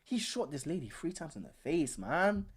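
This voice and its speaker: A man's voice: fairly high pitch, very animated, normal speed, slightly rough. A man hosting a live stream, talking casually and animatedly, repeating himself with plenty of slang. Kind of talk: casual commentary.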